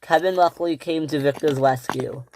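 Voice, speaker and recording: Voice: medium pitch, moderate pace, darkish tone, a little hiss or hum. Casual toy train story narrator. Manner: loose storytelling with restarts.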